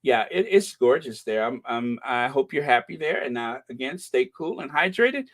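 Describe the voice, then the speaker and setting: An American man hosting a casual livestream, chatting warmly with a caller and reading viewer comments aloud in a rambling way. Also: medium pitch, lively intonation, moderate pace. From United States. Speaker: livestream host.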